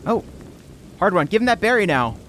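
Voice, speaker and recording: Lively, swooping man playing a tabletop game. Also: high-pitched, brisk, a little hiss or hum. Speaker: player. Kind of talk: tabletop game role-play.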